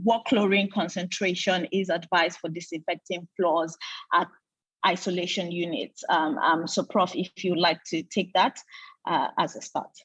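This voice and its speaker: A woman moderating an online panel and passing questions to the speakers, halting and full of hesitations, on a video-call mic. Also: fairly low pitch, a bit bright, breathy edge, dry recording, poor audio. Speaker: webinar moderator.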